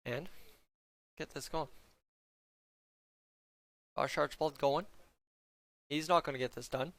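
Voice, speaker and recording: A man's voice: fairly high pitch, slow, a bit bright, no echo. A young man giving a casual, joking play-by-play reaction to a hockey game for his viewers. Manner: chatty, joking asides to viewers.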